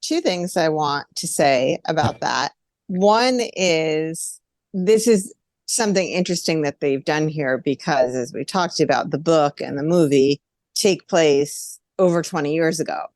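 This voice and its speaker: A woman's voice: low voice, animated, a little slow, darkish tone, no room sound, studio quality. A woman co-hosting a podcast, chatting casually about a TV series and adding pointed remarks. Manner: engaged, adds pointed remarks and short agreements. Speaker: podcast co-host. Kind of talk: casual TV review chat.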